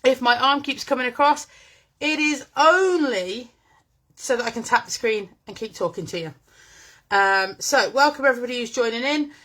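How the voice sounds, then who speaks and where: A woman's voice: fairly high pitch, normal speed, fairly bright tone. A woman hosting a chatty live-stream craft demo from home, bubbly and greeting viewers by name, talking into a phone. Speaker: craft presenter. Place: at home with her dogs.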